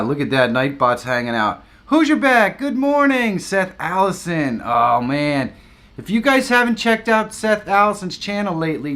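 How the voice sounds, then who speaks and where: A man's voice: a little high, fairly bright tone. A man hosting a live stream, greeting viewers by name with upbeat enthusiasm and the occasional whoop.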